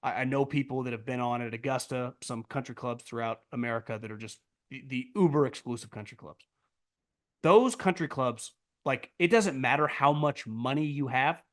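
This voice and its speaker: A man hosting a sports podcast, riffing in a blunt, profane, casual monologue full of "like" and restarts. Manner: jumps to loud, high mocking outbursts.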